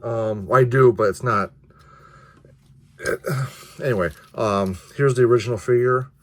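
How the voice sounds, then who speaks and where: A man's voice: mid-range voice, a little slow. A man casually reviewing action figures, rambling with many restarts and the odd curse. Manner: offhand, mildly profane. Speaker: toy reviewer.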